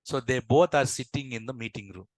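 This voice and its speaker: A young adult man, telling a story to teach a tech lesson and addressing his viewers directly in an animated way. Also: medium pitch, brisk, dry recording. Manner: animated, addresses the audience as guys. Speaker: tech instructor.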